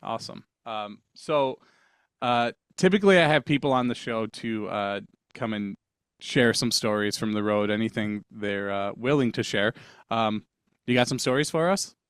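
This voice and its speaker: A man's voice: lowish voice, normal speed, fairly bright tone, clean tone, no echo, studio quality. A man hosting a podcast who asks his guest questions in a hesitant, casual way. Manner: hesitant, filler-heavy questions. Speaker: podcast host. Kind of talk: casual interview.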